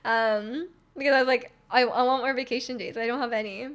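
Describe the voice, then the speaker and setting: A woman's voice: fairly high pitch, fast, few pauses, fairly bright tone. A young woman chatting casually with her livestream viewers, rambling loosely and answering their questions as they come in. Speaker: livestreamer reading chat.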